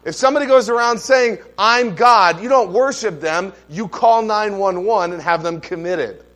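A man's voice: sits high, moderate pace. A man preaching a sermon in a conversational way, asking the congregation rhetorical questions and adding asides. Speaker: pastor.

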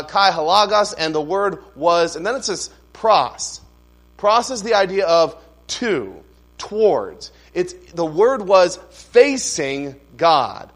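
A man preaching a sermon, explaining scripture in a conversational way with asides and humor, slowing down to stress key phrases. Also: on the high side, a bit bright. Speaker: pastor.

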